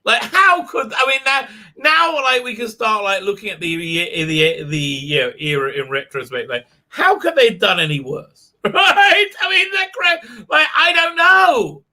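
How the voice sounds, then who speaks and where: A man's voice: extremely high pitch, very animated, unhurried, pushed and bright. A man with an Israeli accent hosting a casual live stream, rambling and swearing, laughing often and reading viewer comments aloud. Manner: rambling, profane, laughs often, many fillers. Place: home office.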